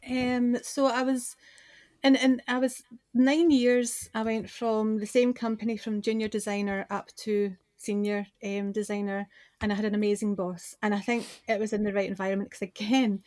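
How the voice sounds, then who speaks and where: A woman's voice: mid-range voice, flat delivery, moderate pace, darkish tone, dry recording. Scottish woman in her forties, dry close sound. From Scotland. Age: 40s. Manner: chatty storyteller with many restarts. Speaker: guest, business owner and designer. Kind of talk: casual interview chat.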